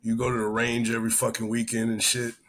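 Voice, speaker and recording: A man's voice: mid-range voice, completely flat delivery, quick pace, a bit bright, a little hiss or hum. A man hosting a podcast in casual chat, rambling and swearing constantly as he tells stories. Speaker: podcast host, army veteran.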